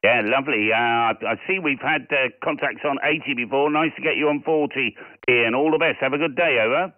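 A man from Scotland running a ham radio session, trading call signs and signal reports with friendly, easy chat. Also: medium pitch. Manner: friendly, quick call handling. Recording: tinny radio audio.

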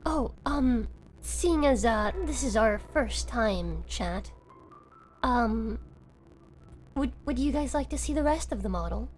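A woman's voice: a little high, animated, slow pace, darkish tone, soft background music. Playful giggly British woman streamer. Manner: playful, giggly, chatting to viewers. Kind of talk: casual live-stream chat.

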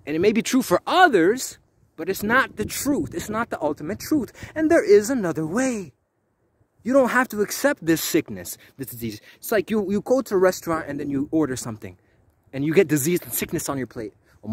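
A man talking to camera in a preachy spiritual monologue, animated and repetitive, with swearing. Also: high-pitched, brisk, husky. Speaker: vlogger.

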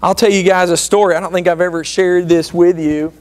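A man's voice: high voice, steady tone, a little fast. A man in his thirties preaching a sermon, telling personal stories in an earnest, conversational way with frequent restarts. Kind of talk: sermon storytelling.

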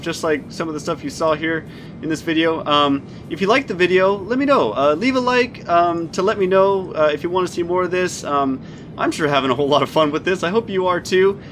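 A man hosting a gameplay video, reacting excitedly as he plays, laughing often and swearing when things go wrong. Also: high voice. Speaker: gaming video host. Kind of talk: let's play commentary.

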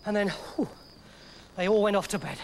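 A man telling a story in lively, playful scripted narration that drops to hushed tones. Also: sits high, normal speed, vocal fry, a little hiss or hum.

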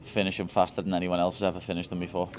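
Brash Scouse man, deep flat voice. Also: racing, a little hiss or hum. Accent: Liverpool English. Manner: blunt, brash, cocky. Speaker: fighter. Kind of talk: casual interview answers.

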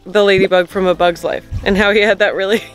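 A woman's voice: medium pitch, fairly even intonation, fast talker, soft background music. A young woman with a bubbly, giggly, chatty manner, talking casually to a handheld camera for her travel vlog. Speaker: vlogger.

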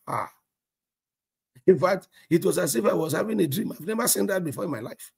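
A man preaching a sermon as pastor, telling a story in an animated way, acting out dialogue and chuckling often. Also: high-pitched, brisk, creaky, pauses often, slightly rough.

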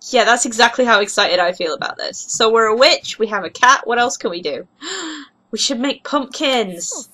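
A young woman giving casual, excitable commentary while playing a life-simulation game, gushing over cute pets. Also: fairly high pitch, measured pace. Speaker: gaming video host.

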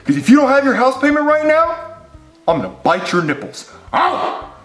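A man's voice: big pitch swings, normal speed, a bit bright, heavily acted. A man doing a bullying, mocking landlord. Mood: menacing. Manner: menacing, mocking, with big swoops in pitch. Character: bullying greedy middle-aged male landlord neighbor. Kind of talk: puppet comedy skit. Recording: echoey room with music.

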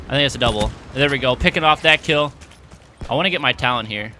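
A young man commentating his video game play, out of breath, excitable and yelling at big moments. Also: mid-range voice, fast, slight background noise. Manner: excitable, shouts at big plays, self-mocking. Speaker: gaming YouTuber. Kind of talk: gameplay commentary. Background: game gunfire and explosions.

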